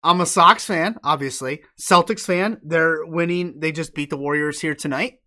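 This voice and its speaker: This man's voice sits fairly high, with a moderate pace and a pushed, bright quality. He's a podcast host from upstate New York doing a casual live interview, joking loosely and swearing now and then.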